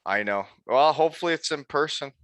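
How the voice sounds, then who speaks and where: A man in his forties hosting a podcast, chatting casually over a remote call in a relaxed, rambling way. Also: fairly high pitch, fairly quick. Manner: relaxed, rambling, with many fillers. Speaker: podcast host.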